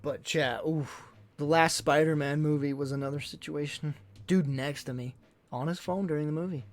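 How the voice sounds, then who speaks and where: A man's voice: on the high side, normal speed. A man streaming live, casually telling stories to his chat and acting out what people said. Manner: animated, acts out quotes loudly. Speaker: livestreamer.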